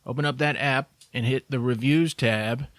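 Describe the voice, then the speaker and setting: A man's voice: mid-range voice, fairly even intonation, moderate pace, fairly bright tone, dry recording. Co-host, man with a mid-range voice, easygoing and a little teasing, dry studio sound. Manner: laid-back, brief replies and playful sign-off. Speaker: podcast co-host. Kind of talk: casual podcast chat.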